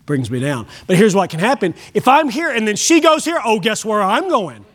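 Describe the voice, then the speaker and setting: A man's voice: sits high, very animated, normal speed, a bit bright. A man preaching a sermon as pastor, with a folksy, emphatic delivery that acts out prayers.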